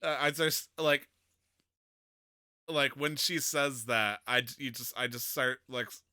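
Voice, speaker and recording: A man's voice: mid-range voice, slow pace, pushed and bright, no room sound, clean studio sound. A man playing a tabletop game, rambling and joking, stumbling over his words. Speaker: player.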